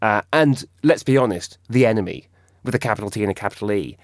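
A man's voice: on the low side, animated, fast talker, no room sound. A man presenting topics on a studio radio show in a conversational, wry way. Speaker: radio host. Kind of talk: casual studio discussion. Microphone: studio microphone.

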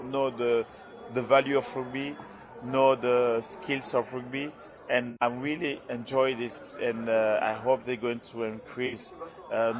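A hoarse man with a French accent answers questions at a busy event, talking haltingly with many fillers and restarts. His pitch sits in the middle range for a man. A loud crowd murmurs behind him the whole time. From France. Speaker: interviewee, former rugby player. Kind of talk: live interview.

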